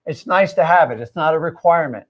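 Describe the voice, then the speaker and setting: A man's voice: a little high, fast talker, lo-fi sound. A man teaching in a live stream, punchy and emphatic, firing rhetorical questions at his viewers. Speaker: real estate coach.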